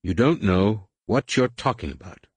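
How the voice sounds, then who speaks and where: A man voicing a calm, stern young Jedi in an audiobook, speaking evenly and with reproach. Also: on the low side, normal speed, slightly rough, no room sound. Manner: even, condemning.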